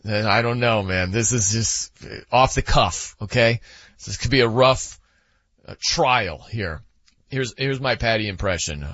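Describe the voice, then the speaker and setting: A man's voice: medium pitch, unhurried, fairly bright tone, dry recording, dull audio. A man hosting a sports talk show, chatty and joking with many fillers.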